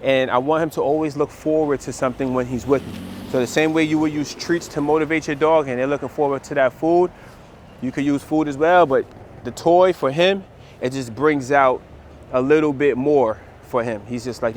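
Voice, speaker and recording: A man's voice: mid-range voice, moderate pace, a little hiss or hum. A man who trains dogs, chatting casually and with slang straight to his viewers while standing outdoors by a store. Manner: relaxed, conversational, slangy, talks straight to viewers. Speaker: dog trainer. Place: outdoors by a store in a built-up area.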